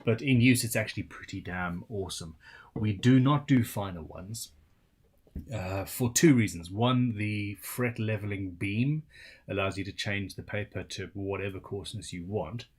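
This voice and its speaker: A tired man hosts a live Q&A in a slightly low voice. He talks in a loose, rambling way and pokes fun at himself. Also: normal speed, husky. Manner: rambling, chatty, self-deprecating. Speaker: luthier hosting a live Q&A. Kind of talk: casual live-stream Q&A.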